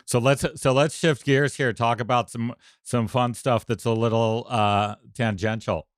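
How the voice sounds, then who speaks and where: A man hosting an interview, asking relaxed, easygoing questions. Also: mid-range voice, measured pace, no room sound, clean studio sound. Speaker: interviewer, host.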